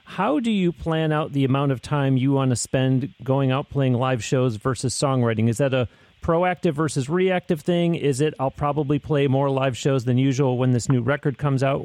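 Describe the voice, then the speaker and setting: A man's voice: mid-range voice, normal speed, darkish tone, no room sound. A man hosting a podcast, asking questions and giving short encouraging reactions. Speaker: podcast host. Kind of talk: interview questions.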